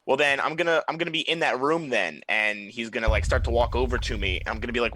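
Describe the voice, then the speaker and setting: A man chatting casually as a player at a tabletop game, rambling through what his character does. His voice is bright and forward, and it sounds dry and close to the mic. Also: mid-range voice, fast, hardly any pauses, no echo.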